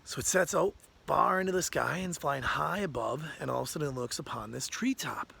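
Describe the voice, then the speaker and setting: A man's voice: a little high, lively intonation, brisk, vocal fry, sharp tone, husky. A man telling a fable in a casual, conversational way, ending with a moral. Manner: conversational, uses "like" often. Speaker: storyteller.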